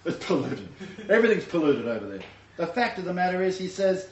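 A man's voice: sits high, big pitch swings, brisk, a little hiss or hum. Male preacher, fervent and emphatic, scornful asides, distant from the mic, dull lo-fi sound. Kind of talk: sermon with scripture reading. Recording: roomy, distant, dull recording with faint ambience.

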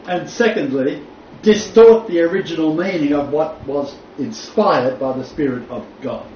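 A man's voice: a little high, lively intonation, a little slow, warm tone. A man teaching a Bible class in a blunt, joking way, often laughing. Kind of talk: informal lecture. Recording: echoey room from far off, dull, faint noise.

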